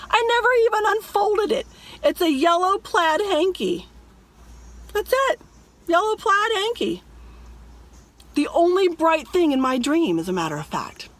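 A woman's voice: sits high, fairly bright tone. A woman vlogger telling a dream in a dramatic, emphatic way and urging viewers to repent. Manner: emphatic, addresses viewers as "people". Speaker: religious vlogger. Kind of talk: dramatic storytelling and preaching.

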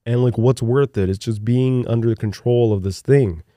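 A young man co-hosting a podcast in casual chat, rambling excitedly and peppering his talk with "look" and "dude". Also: mid-range voice, normal speed, no room sound, clean studio sound. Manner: animated and rambling, with many "look" and "dude" fillers. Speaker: podcast co-host.

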